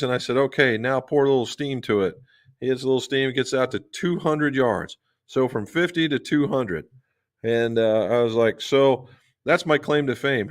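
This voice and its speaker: A man hosting a casual golf livestream. He tells folksy stories from his club-fitting shop and answers viewers' questions in a relaxed, chatty way. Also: medium pitch.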